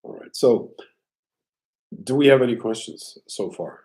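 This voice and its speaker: A man hosting a casual live stream, talking loosely and often clearing his throat. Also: mid-range voice, lively intonation, measured pace, a little mellow, low-quality recording.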